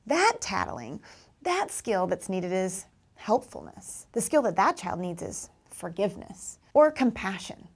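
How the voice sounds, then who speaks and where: Animated woman teaching, slightly gravelly voice. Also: mid-range voice, a little slow. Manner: animated, acts out children's voices and teacher replies. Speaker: parenting and teaching educator. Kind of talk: instructional talk to parents and teachers.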